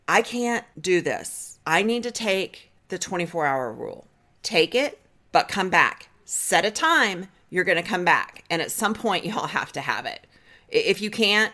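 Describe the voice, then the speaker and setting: Woman therapist, lowish voice, lively up and down, blunt practical coaching. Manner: direct, coaching, guides breathing slowly. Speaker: marriage therapist. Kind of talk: advice talk to camera.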